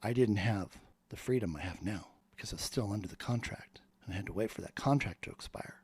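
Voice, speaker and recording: A man's voice: lowish voice, brisk, gravelly, a little mellow, slightly rough, no echo. Fervent man in a rambling monologue. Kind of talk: spoken monologue.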